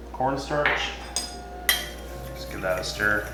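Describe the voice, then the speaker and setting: A man hosting a home cooking show, walking through each step of a recipe in a relaxed, chatty way with frequent filler words. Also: on the low side, fairly quick, echoey room, music in the background, low-quality recording. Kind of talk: casual cooking demonstration. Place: home kitchen.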